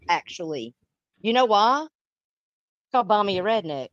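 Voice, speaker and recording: A woman's voice: medium pitch, big pitch swings, unhurried, a bit bright, dry recording, rough recording. A middle-aged woman, hosting a live stream in blunt, profane, emphatic casual chat.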